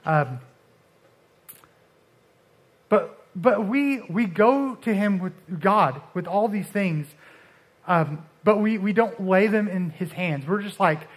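A young man with a notably high voice gives a relaxed, conversational sermon. He stops and restarts often, fills gaps with "um" and "like", and slips into quick acted-out lines for the Bible figures in his story. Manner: conversational, halting, many restarts and fillers. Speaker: preacher. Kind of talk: casual sermon.

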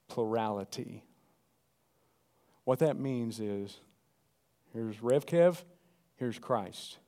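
A middle-aged man preaching a sermon, animated and calling out to the congregation. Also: fairly low pitch. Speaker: pastor.

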